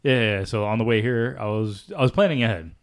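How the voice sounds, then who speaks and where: A male podcast guest with a deep, husky voice, talking in an easygoing, laid-back way. His pitch sits low for a man. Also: fast. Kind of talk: casual chat.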